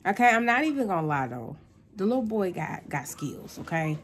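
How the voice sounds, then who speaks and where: A woman's voice: mid-range voice, big pitch swings, a little fast, slight background noise. A woman in her thirties, a vlogging mom telling funny family stories to the camera and often laughing. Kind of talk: casual storytelling to camera.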